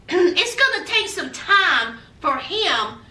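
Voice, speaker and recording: A woman's voice: very high-pitched, big pitch swings, slow, sharp tone, roomy sound, far from the mic, full character voice. A woman voicing a matter-of-fact lawyer who explains the rules firmly. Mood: calm. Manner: firm, lecturing.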